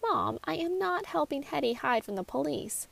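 A gentle, protective mother who runs an art studio, soothing and reassuring, as a woman voices her. Her voice is a touch high with a gravelly texture, in a storybook mystery. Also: expressive, normal speed, full character voice.

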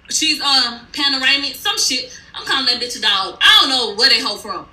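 A woman's voice: high voice, animated, normal speed, hardly any pauses, bright, forceful tone, roomy sound, poor audio. A woman giving a blunt, profane, sassy recap of a reality TV episode in casual speech.

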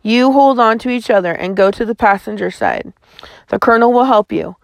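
A woman's voice: on the high side, a little fast, vocal fry, no room sound. A woman voicing a firm, protective mother figure in an audiobook reading. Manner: firm, fussing.

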